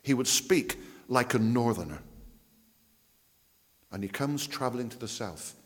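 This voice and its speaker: A man preaching a sermon, emphatic, drawing out key words and dropping to a hush. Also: medium pitch, expressive, slightly rough. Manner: emphatic, drawn-out phrasing with dramatic drops to a hush. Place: church. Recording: reverberant church hall.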